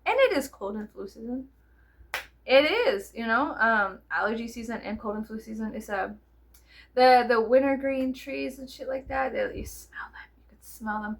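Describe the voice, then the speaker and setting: A woman's voice: a little high, brisk, a bit bright. A woman, chatting casually to camera in a rambling, giggly, profane way full of fillers. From South Texas. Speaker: vlogger.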